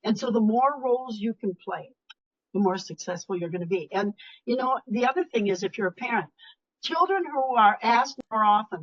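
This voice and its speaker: An older woman coach giving a live webinar talk, animated and emphatic, often dropping her voice low or to a whisper for effect. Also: moderate pace. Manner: animated, emphatic, varies loudness, drops to whispers. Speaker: speaker and leadership coach. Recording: dull lo-fi webinar audio.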